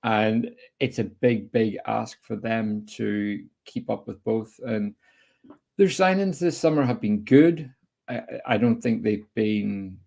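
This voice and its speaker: A young man with a low, gravelly voice hosts a casual football podcast. He sounds chatty and opinionated as he talks through the season ahead and puts quick questions to his guest. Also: a little mellow. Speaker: host.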